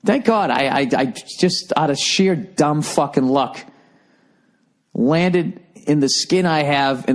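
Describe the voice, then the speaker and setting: A man hosting a podcast in a casual comedic rant, rambling, sarcastic and heavy on swearing. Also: fairly high pitch. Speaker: podcast host.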